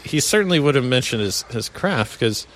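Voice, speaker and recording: A man's voice: medium pitch, big pitch swings, normal speed, fairly bright tone. Blunt, profane man in casual chat.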